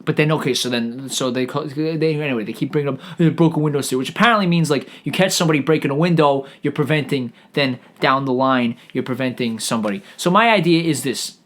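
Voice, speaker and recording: A man's voice: mid-range voice, fast talker, few pauses, fairly bright tone. A man hosting a comedy podcast, delivering a sarcastic, profane rant that rambles along with frequent stammered restarts.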